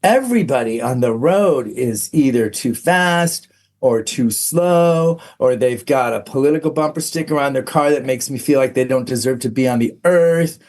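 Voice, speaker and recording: A man's voice: mid-range voice, expressive, normal speed, a little mellow. A middle-aged man, a podcast guest, telling a personal story candidly, frank and self-mocking, with plenty of "um"s.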